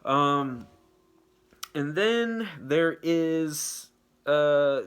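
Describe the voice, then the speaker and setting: A man's voice: fairly high pitch, expressive, drawn-out words, gravelly, fairly bright tone. A young man giving a casual, rambling movie review, swearing freely and trailing off into fillers. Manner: rambling, profane, loose and unscripted.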